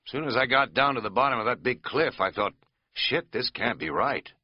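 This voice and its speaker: A man's voice: mid-range voice, normal speed, no echo, lo-fi sound, close to an everyday voice. A man voicing a rambling, folksy middle-aged American man who talks in a chatty, self-mocking drawl.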